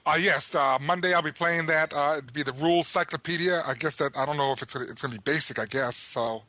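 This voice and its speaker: A man's voice: on the high side, fast talker, sharp tone, dry recording. A man co-hosting a gaming podcast in casual chat, jokey and exclamatory. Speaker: podcast co-host.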